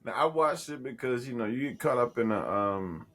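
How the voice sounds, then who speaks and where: A man's voice: mid-range voice, lively intonation, moderate pace, a bit bright. A man co-hosting a podcast, chatting casually and profanely, rambling and restarting his sentences as he tells stories. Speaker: podcast co-host. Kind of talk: casual chat.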